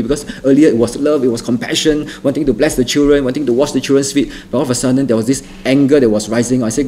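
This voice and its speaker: Man, middle-aged, spoken testimony, earnest, halting restarts, mid-pitched, soft mellow timbre. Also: fairly even intonation, slight background noise. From Singapore. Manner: earnest, repeats phrases for emphasis, halting restarts. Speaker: testimony speaker.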